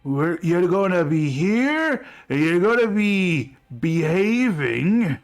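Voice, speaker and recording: A man voicing a stern male jail guard who talks slowly. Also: high-pitched, big pitch swings, voice pushed up, full character voice.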